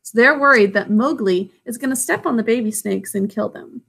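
A woman's voice: fairly high pitch, moderate pace, creaky, a bit bright. A woman reading a story aloud, stopping to explain what is happening. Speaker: storybook reader.

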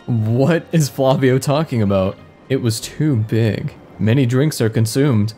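A man with a mellow, warm voice at an ordinary pitch, reading game dialogue aloud and cracking dry, amused jokes about it. Faint game music plays under his voice. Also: unhurried. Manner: wry, amused, reads mistranslated lines with deadpan jokes. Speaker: gaming commentator. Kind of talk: comedic let's play commentary, reading game text aloud.

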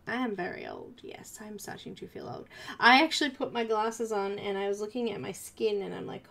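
An Australian woman hosts a live coloring tutorial, chatting casually with viewers in the chat and murmuring to herself as she colors. Her mid-range voice is fairly bright, with huge pitch swings, vocal fry, and a brisk pace with hardly any pauses.

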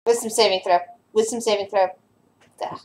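A woman narrating as game master of an online tabletop game, halting and restarting as she describes scenes. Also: medium pitch, fairly even intonation, poor audio.

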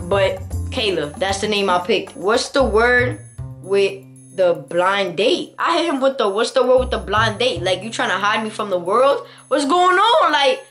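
A woman's voice: fairly high pitch, fairly bright tone. A woman hosting a prank video, narrating in a playful, slangy, teasing way. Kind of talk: casual vlog narration.

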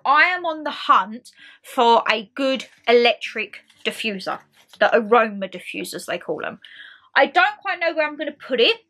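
A woman's voice: fairly high pitch, bright, forceful tone. A young woman chatting casually to camera about her haul, calling viewers her lovelies. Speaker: haul vlogger. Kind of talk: casual product haul chat.

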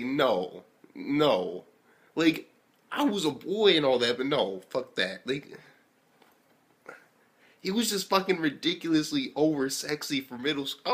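A young man from the US giving a casual anime review, telling stories animatedly and swearing constantly, jumping between loud outbursts and near-whispered asides. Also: on the high side, lively intonation, measured pace. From United States. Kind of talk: casual profane review rant.

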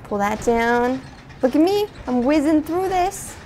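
A woman playing a spooky video game, chatting to her viewers in a jumpy, excitable way. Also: high voice, a little slow, slight background noise. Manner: jumpy, chatty, talks to viewers, frequent gasps and exclamations. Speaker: gaming video host. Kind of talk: let's play commentary.

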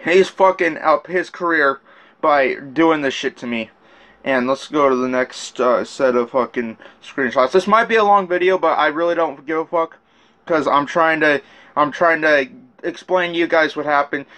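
This rant comes from a man whose a-little-high, somewhat bright voice moves at a moderate pace. Laying out his version of a rap feud and the messages involved, he curses often, wanders and starts sentences over.

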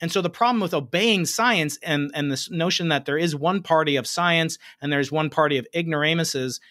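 A man hosting a podcast interview, talking in an animated, jokey way and laughing often. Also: fairly high pitch, moderate pace, no room sound, clean studio sound. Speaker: podcast host. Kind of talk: interview conversation.

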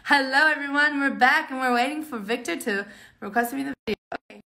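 A woman's voice: high voice, quick pace, creaky, sharp tone. A young woman hosting an improvised comedy sketch on a live stream, playing a chipper career orientation leader in a bubbly, mock-cheerful way.

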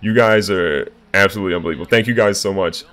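A young man from Virginia streaming a game live, reacting loudly to plays and reading his chat aloud to thank viewers. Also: low-pitched, fast. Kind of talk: live gameplay commentary.

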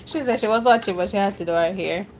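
A woman's voice: mid-range voice, fast, slight background noise. A Jamaican woman hosting a casual home cooking livestream, playfully reading out viewer comments.

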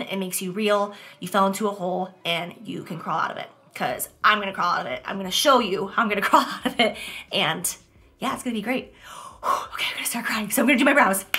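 Bright-voiced young woman, earnest and emotional. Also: medium pitch. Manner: emotional, earnest confessional talk. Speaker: beauty vlogger. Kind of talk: candid get-ready-with-me talk.

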